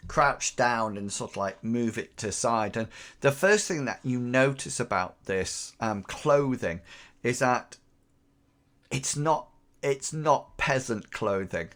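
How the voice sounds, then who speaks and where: A man running a tabletop game, describing the scene at an unhurried pace. His phrasing is halting and full of fillers. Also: medium pitch, expressive, fairly bright tone. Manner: hesitant, many fillers. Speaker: game master.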